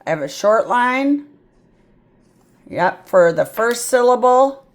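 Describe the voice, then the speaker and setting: A woman's voice: on the high side, expressive, slow pace. A middle-aged woman tutor teaching a phonics lesson at a board, chatty and thinking aloud as she works through examples. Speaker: reading tutor.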